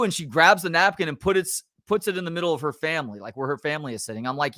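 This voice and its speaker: A middle-aged man, a sports talk show host, telling a story in a casual, animated and exasperated way, swearing now and then. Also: a little high, fast talker, few pauses, no room sound, studio quality.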